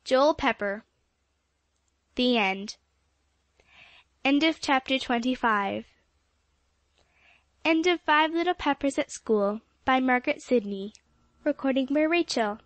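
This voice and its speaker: A woman narrating an audiobook chapter with a steady, even reading manner. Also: high voice, unhurried, pauses often, dry recording. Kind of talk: scripted narration.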